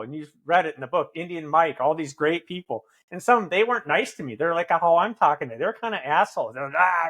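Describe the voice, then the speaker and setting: A man's voice: a little high, fairly bright tone. A middle-aged man in recovery, talking bluntly and profanely as a podcast guest, preaching tough love. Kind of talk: blunt conversational storytelling.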